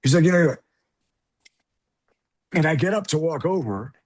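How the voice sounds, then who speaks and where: A middle-aged man from the South Bronx telling an animated, profane story as an interview guest, acting out the people in it. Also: on the high side, a little slow. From South Bronx, New York. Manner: animated, profane, acts out voices in anecdotes. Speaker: guest actor.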